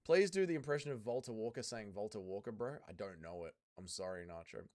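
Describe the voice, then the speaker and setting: Joking, profane Australian streamer. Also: male voice, on the low side, big pitch swings, quick pace, a little mellow. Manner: profane, joking, answers chat. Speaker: livestream host. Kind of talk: casual fight watch-along commentary.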